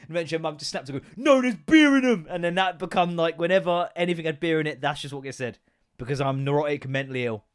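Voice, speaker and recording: A man's voice: fairly high pitch, fairly even intonation, very fast, smooth. A young man hosting a solo podcast, rambling and self-deprecating, swearing freely. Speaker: podcast host. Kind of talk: casual solo podcast chat.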